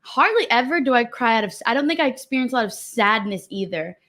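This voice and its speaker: A woman's voice: on the high side, animated, fast talker, fairly bright tone. A young woman in her twenties co-hosting a podcast, chatting frankly and reading out viewer comments. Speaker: podcast co-host. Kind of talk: casual chat.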